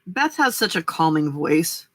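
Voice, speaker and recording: An older woman with a low-pitched, husky, a bit bright voice hosts a casual late-night crafting livestream. She chats and laughs often while answering viewers' comments.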